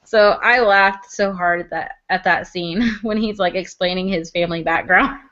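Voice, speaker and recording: A woman's voice: lowish voice, steady tone, normal speed, fairly bright tone, lo-fi sound. A young woman reviewing a TV drama in casual chat, gushing and laughing as she acts out characters' lines.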